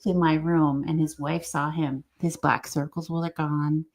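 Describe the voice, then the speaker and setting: A middle-aged woman with a low, gravelly voice tells a story to a podcast host. She acts out the voices of the people she quotes with lively animation. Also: unhurried. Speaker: guest. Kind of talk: storytelling in conversation.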